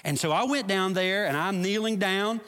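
A man's voice: sits high, moderate pace, fairly bright tone. A middle-aged man, a pastor, preaching a sermon with a story and then leading an earnest prayer. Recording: long hall reverb.

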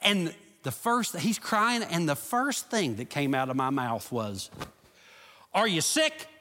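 A man's voice: a little high, big pitch swings, measured pace, bright, forceful tone. Man preaching in an echoing hall. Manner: storytelling, earnest, prayerful. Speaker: pastor. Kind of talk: sermon and prayer. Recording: long hall reverb.

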